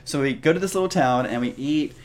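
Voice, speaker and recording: A man's voice: medium pitch, quick pace. A young man co-hosting a podcast, casually telling a travel story in a rambling way full of "like" and restarts. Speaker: podcast co-host.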